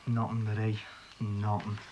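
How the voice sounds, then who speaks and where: A man's voice: fairly low pitch, completely flat delivery, a little slow, a little mellow, highs cut off, slight background noise, lightly acted. A man playing a bedbound, irritable man. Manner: irritable, demanding. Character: frustrated bedbound man, impatient. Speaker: bedridden partner. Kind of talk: TV drama acting.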